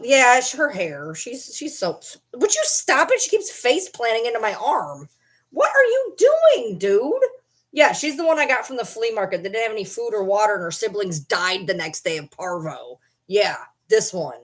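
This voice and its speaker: A woman vlogger chatting casually, telling a story in a blunt, profane way while talking to and handling her dog. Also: mid-range voice. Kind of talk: casual chat.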